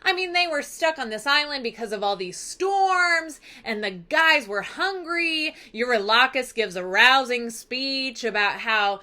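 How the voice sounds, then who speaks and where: A woman teacher retells a story with lively, chatty energy. Her voice is bright and slightly high, and she talks as if speaking right to her students. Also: takes it slowly, few pauses. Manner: animated, conversational storytelling. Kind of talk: recap lesson.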